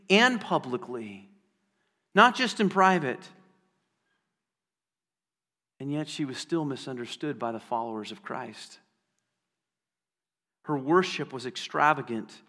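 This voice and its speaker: A man delivers a sermon with a high, bright voice that carries through a long-echoing hall. He preaches earnestly, slowing down and repeating key phrases to drive a point home. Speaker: pastor.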